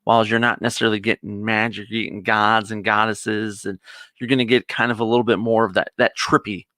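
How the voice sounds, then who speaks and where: A man's voice: lowish voice, level tone, a little fast, pushed and bright, no echo. A man co-hosting a casual review chat, eagerly retelling a TV episode in a rambling way. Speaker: co-host of a nerd review show.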